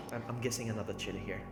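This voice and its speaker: A man's voice: fairly low pitch, fairly even intonation, fast talker, over loud music. A man from Malta chatting casually with his viewers while he plays a game on a livestream. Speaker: streamer. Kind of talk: casual gaming livestream chat. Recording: echoey room with background noise.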